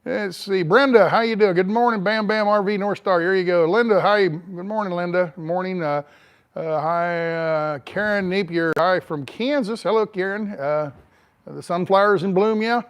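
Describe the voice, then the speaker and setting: An older man with a drawl chats casually outdoors, greeting viewers one by one and wandering off on tangents. His voice sits a touch higher than most men's, and he fills every pause with uhs. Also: clean tone. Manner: rambling, drawling, lots of uh fillers. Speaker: vlogger reading live chat. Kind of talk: casual live-stream chat.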